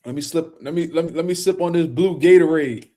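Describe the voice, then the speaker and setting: Guy on a boxing livestream, kinda high voice, slangy and loose, talks to the chat a lot. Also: fairly quick, warm tone. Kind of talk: casual livestream commentary.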